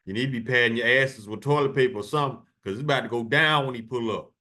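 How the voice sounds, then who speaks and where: A man's voice: medium pitch, quick pace, sharp tone. A man preaching fiery sermons, reading verses aloud in solemn tones and then taunting his enemies with profanity.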